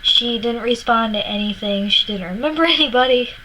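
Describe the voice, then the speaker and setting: A young woman talks into the camera in a personal vlog, her voice pitched a little high. She rambles, full of fillers and restarts, and sounds tearful and upset. A faint hiss of noise sits behind her. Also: a little fast, bright, forceful tone, rough recording. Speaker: vlogger.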